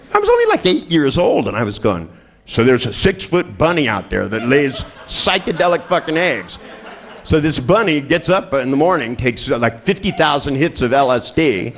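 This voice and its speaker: A middle-aged man giving a humorous seminar talk to a group, telling jokey stories and acting out the voices of people in them. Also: mid-range voice. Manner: joking storyteller who acts out quoted voices. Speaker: seminar trainer.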